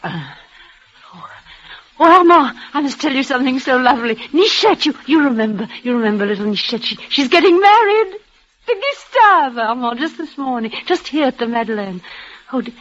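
An actress voicing a dying, devoted young woman in an old radio drama, speaking in breathless, halting, emotional bursts. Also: high-pitched, very animated. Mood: joyful, eager. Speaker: leading lady in a radio play. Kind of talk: 1940s radio acting. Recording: dull lo-fi old radio recording.

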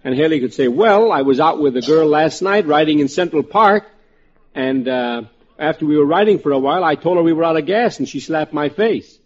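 Chatty man laughing through joke pitches. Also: lively intonation, brisk. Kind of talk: pitching jokes on a radio panel. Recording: muffled old radio broadcast with studio audience.

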